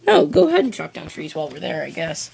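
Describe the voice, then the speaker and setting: A gamer chatting casually during a co-op game, bossy and teasing, breaking into excited whoops. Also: mid-range voice, fast, vocal fry, slight background noise. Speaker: let's play gamer. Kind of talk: casual co-op gaming chat.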